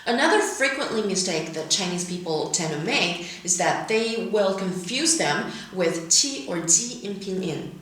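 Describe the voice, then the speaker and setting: A woman's voice: lowish voice, animated, fairly bright tone. Woman teaching pronunciation in a big echo. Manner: careful, deliberate word-by-word modeling. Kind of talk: instructional lesson with read-aloud examples. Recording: very echoey room, mic far away.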